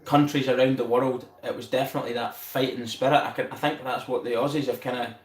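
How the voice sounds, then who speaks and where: A man chatting excitedly on a live stream, swearing freely and laughing often. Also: medium pitch, quick pace. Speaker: livestream host. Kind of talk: casual live-stream chat. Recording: roomy echo.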